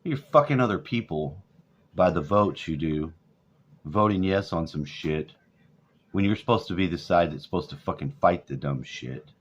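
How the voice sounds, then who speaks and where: Man over forty, low voice, profane sarcastic rant, dull lo-fi sound. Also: expressive, normal speed. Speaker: vlogger. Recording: dull lo-fi audio.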